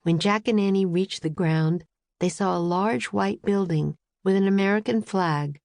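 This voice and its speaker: A woman narrating a children's audiobook with clear storytelling, recorded close in a studio. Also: medium pitch, normal speed, a little mellow, no echo. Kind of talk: scripted narration.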